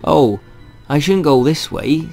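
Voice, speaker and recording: A man voicing a chirpy, mischievous male leprechaun in a high, bouncy put-on Irish lilt while reading a game aloud. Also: animated, measured pace, gravelly, faint music behind. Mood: impish.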